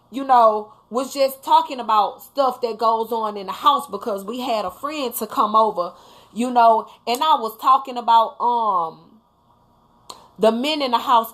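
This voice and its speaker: Emphatic higher-voiced mother talking to viewers. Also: a bit bright. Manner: emphatic, keeps addressing viewers, blunt with swearing. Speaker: livestream host talking to viewers. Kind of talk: casual heartfelt talk to viewers.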